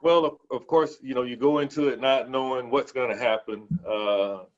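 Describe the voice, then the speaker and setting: A man, a guest telling stories in a relaxed, easygoing way. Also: mid-range voice, normal speed. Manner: relaxed, warm storytelling with many "you know" fillers. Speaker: podcast guest, former football player. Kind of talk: casual interview conversation. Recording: dull lo-fi remote audio.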